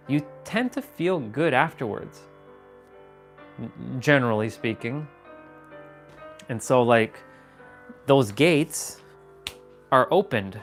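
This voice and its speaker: A man hosting a fitness livestream, talking in a casual, animated, rambling way and swearing freely. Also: mid-range voice. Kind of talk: casual motivational livestream talk.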